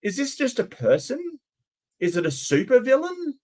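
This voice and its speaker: A man's voice: extremely high pitch, wildly swooping pitch, moderate pace, darkish tone. A man hosting a reaction video, giving sarcastic, rambling commentary. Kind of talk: casual commentary.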